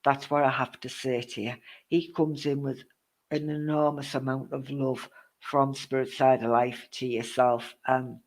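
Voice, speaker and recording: A man's voice: medium pitch, level tone, unhurried. A man giving a live-streamed psychic reading, reassuring the viewer with endearments and greeting others as they join. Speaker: psychic medium.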